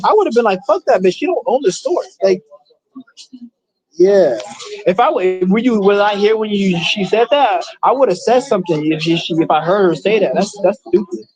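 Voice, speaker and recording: A man's voice: high voice, normal speed, a crowd in the background, poor audio. A man vlogging in casual chat, rambling and swearing a lot and often restarting his sentences.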